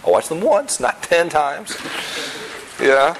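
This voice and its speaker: A pastor preaching a sermon in a conversational way, with self-deprecating humor and emphatic repetition of key points. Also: male voice, on the high side, sing-song, slow, vocal fry, a crowd in the background, poor audio. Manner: emphatic, repeats key phrases.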